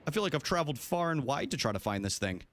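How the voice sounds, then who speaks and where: Lively, joking young male game streamer. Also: on the high side, fast. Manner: animated, jokey, swears, talks to chat. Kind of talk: casual live game commentary.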